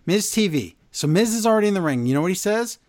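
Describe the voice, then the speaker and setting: A man's voice: quick pace, no room sound, clean studio sound. A man co-hosting a wrestling podcast, recapping the week's shows in casual chat, growing exasperated and incredulous. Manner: animated, exasperated, voice climbs high in disbelief. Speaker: podcast co-host.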